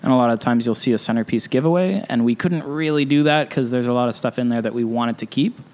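A man's voice: mid-range voice, fast, darkish tone. A man talking as a newlywed guest on a podcast, a wry storyteller with dry humor. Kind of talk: casual interview chat.

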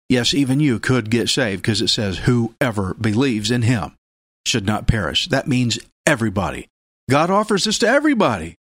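A man preaching a sermon with emphatic delivery, repeating key phrases and breaking into sudden loud bursts. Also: medium pitch, dry recording, clean studio sound.

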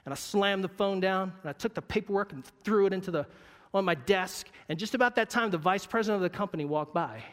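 High-pitched guy preaching, chatty wry storytelling, drops real quiet for the big points, big echoey hall. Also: quick pace. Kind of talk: sermon with personal storytelling.

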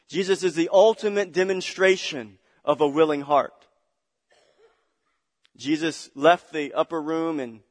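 A male pastor delivers a sermon that builds with passion, repeating phrases and urging the congregation to respond. His pitch is fairly high, and a long hall reverb surrounds him.

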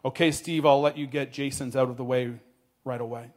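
A man voicing a solemn, gentle male college professor who talks softly and gravely, slowing down on key words. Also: mid-range voice, steady tone, lightly acted.

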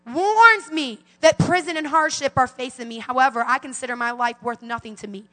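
High bright-voiced woman preaching in a hall. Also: moderate pace. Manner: fervent preaching with call-and-response. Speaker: pastor. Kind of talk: sermon. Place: church sanctuary.

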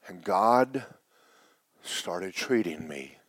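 Slow, dry-sounding preaching pastor. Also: male voice, sits low, lively intonation, husky, no room sound. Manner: swings from tearful whispers to loud preaching. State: tearful. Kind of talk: sermon.

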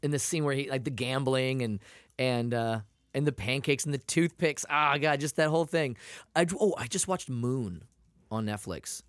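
A man's voice: medium pitch, moderate pace, no room sound. A man co-hosting a podcast, chatting casually and telling stories with lots of swearing. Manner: profane, animated storyteller. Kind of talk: casual chat.

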